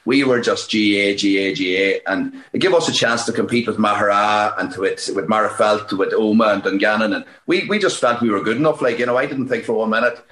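A man's voice: lowish voice, a bit bright, echoey room. A man in his forties from Fermanagh with a Northern Irish accent, a guest coach telling stories in a casual interview, full of restarts and chuckles. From Fermanagh, Northern Ireland. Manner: rapid storytelling, many restarts and chuckles. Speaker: guest, Gaelic football coach.

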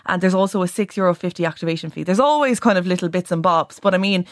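A woman's voice: on the low side, fast talker, no room sound, studio quality. Chatty Irish woman giving money tips. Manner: chatty, lists prices and tips with many ums. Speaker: news reporter. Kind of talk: radio consumer-advice segment. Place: radio studio.

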